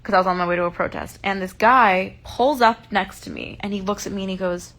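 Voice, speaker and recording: A woman's voice: mid-range voice, fairly quick, a bit bright. A woman hosting a casual livestream chat, talking heatedly and emphatically and swearing often, into a phone held close. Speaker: livestream host.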